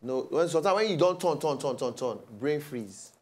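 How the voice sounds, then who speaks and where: A woman's voice: low-pitched, animated, brisk, darkish tone. A woman with a Nigerian Pidgin accent, co-hosting a TV talk show with playful, jokey banter. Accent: Nigerian Pidgin English. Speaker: TV show co-host. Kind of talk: casual chat.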